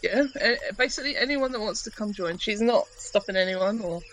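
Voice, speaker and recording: Male player with a high voice, rambling, self-correcting delivery. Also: brisk, fairly bright tone, a little hiss or hum, low-quality recording. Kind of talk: casual tabletop play.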